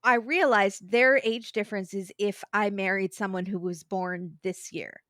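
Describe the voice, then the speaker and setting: A woman's voice: medium pitch, steady tone, a little slow, a bit bright, no echo. Woman co-host, sarcastic and wry, dry close-miked sound. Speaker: podcast co-host. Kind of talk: casual chat.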